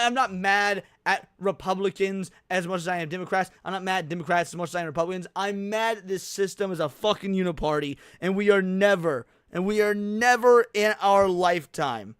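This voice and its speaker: Male livestream host, heated sweary reaction commentary, high, clean dry voice. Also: a bit bright, clean tone, no echo. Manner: profane, heated ranting.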